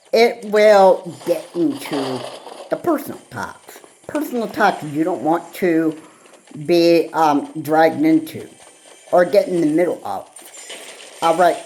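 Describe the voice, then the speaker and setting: A woman vlogger in a rambling solo rant, halting and repetitive, with frequent pauses and fillers. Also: sits low, a little mellow, slight background noise, poor audio.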